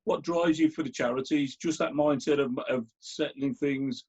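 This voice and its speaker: A middle-aged man hosts a relaxed interview, stumbling and restarting as he reads out questions. His voice is slightly husky. The recording sounds dull and lo-fi. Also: mid-range voice, moderate pace. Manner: hesitant, with many fillers and restarts. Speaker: host and interviewer. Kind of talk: conversational interview.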